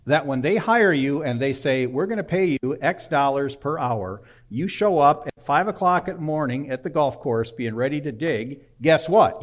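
An older man preaching a sermon in a folksy, conversational way, often checking in with "okay.". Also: mid-range voice. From Michigan. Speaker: pastor.

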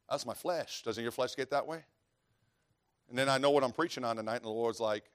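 A man preaching a sermon in a folksy, storytelling way, dropping to quiet asides and rising to loud preaching, reading scripture aloud. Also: medium pitch, quick pace. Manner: reads scripture in old-fashioned wording.

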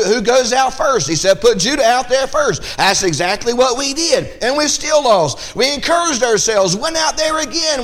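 A man preaching a midweek sermon as pastor, reading scripture and acting out the Israelites' voices in an animated, folksy style. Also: very high voice.

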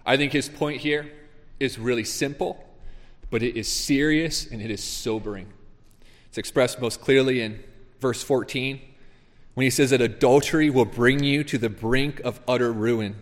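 A male pastor delivering a sermon in an earnest, emphatic way, stressing his warnings as he reads scripture. His voice sits at an ordinary pitch for a man. The sound carries the long reverb of a large hall. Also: normal speed. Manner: earnest, emphatic preaching, reading scripture aloud.

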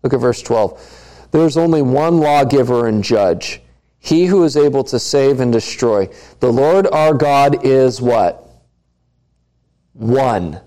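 Slow, mellow-voiced man preaching. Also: medium pitch, expressive. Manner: asks the congregation questions and repeats lines for emphasis. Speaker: pastor. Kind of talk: sermon.

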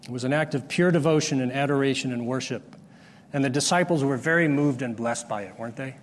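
A man preaching a sermon, explaining a Bible passage step by step and pausing to restart his phrases. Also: mid-range voice, a little hiss or hum. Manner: explanatory, rises sharply when acting out the disciples' scolding. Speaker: pastor. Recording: long hall reverb.

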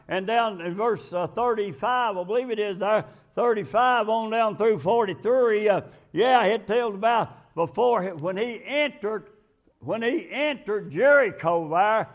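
High-pitched preacher man. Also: unhurried. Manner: chanted preaching with a filler before each phrase, rising to shouts. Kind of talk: sermon.

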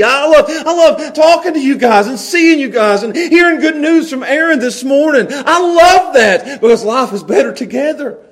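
A man preaching a folksy sermon to a small church congregation, swinging from hushed earnest passages to loud, excited storytelling. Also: very high-pitched. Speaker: pastor. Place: small church, evening service.

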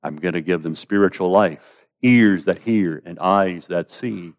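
A man voicing a calm, solemn divine voice. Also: low-pitched. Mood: solemn assurance. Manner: hushed, slow and solemn. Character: the Lord God speaking to the prophet, calm, assured.

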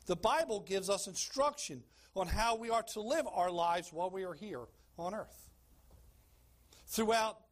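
A man preaching a sermon as pastor of a church, emphatic, asking the congregation questions and calling for slides. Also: sits high.

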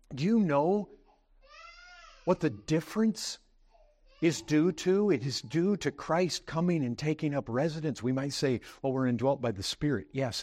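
A middle-aged male pastor preaching a sermon, earnest and emphatic, repeating words as he presses his points and rising into excited bursts. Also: fairly high pitch.

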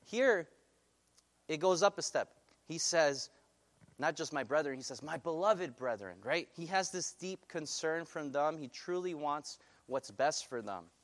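A male pastor preaching a sermon, animated and putting questions to his congregation. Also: a little high, a little slow.

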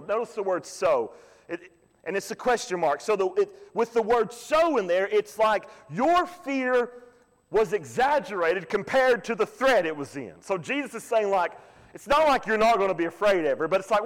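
A man's voice: high-pitched, sing-song, normal speed. Folksy preaching man in a reverberant church. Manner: folksy, conversational preaching with humor. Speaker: pastor. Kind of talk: sermon. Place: church sanctuary.

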